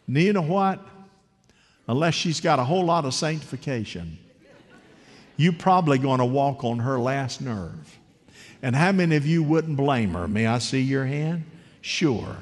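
A man's voice: medium pitch, animated, a little slow. A man preaching a conversational, story-driven sermon who keeps asking the congregation questions. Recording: long hall reverb.

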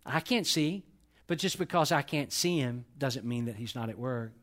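A middle-aged man preaching a sermon to his church, swinging between loud emphatic peaks and soft hushed lows. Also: animated, normal speed. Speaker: pastor. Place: church sanctuary.

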